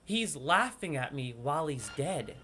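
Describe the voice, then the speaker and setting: A man giving casual gameplay commentary as a streamer, excitable, swinging from hushed sneaking talk to loud outbursts. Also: a little high, measured pace, noisy background. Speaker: gaming streamer.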